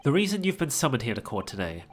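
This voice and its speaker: A man voicing a solemn former male prison warder in a low, subdued voice. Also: very animated, fast, close to an everyday voice.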